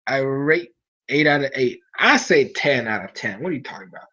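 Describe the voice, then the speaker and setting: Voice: medium pitch, animated, brisk, pushed and bright, lo-fi sound. A streamer talking casually with viewers late at night, sleepy and yawning, rambling along with frequent restarts.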